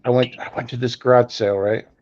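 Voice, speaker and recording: A man's voice: mid-range voice, steady tone, quick pace, darkish tone, slight background noise. Rambling man on dull lo-fi audio. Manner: loose, rambling, filler-heavy. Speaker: podcast panelist. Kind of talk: casual storytelling chat.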